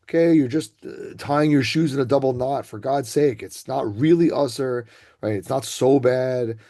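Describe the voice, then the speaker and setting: A man's voice: mid-range voice, normal speed, warm tone, natural voice. A man doing a sly tempting serpent. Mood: coaxing. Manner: coaxing, brushing off concerns. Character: sly tempting male serpent, coaxing and dismissive.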